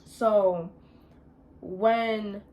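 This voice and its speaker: A woman's voice: mid-range voice, fairly even intonation, very slow, lo-fi sound. A young woman vlogging, telling a story in a blunt, emphatic rant full of slang.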